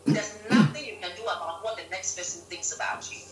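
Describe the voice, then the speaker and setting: A woman from Ghana, a guest on a live-stream interview, telling stories in an animated way and laughing often. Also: fairly low pitch, quick pace, faint music behind. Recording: roomy, distant mic with faint hum.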